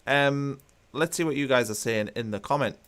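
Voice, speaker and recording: A man's voice: medium pitch, moderate pace, fairly bright tone, clean tone. A man hosting a football watchalong, chatting casually with many fillers and restarts while he reads out live comments.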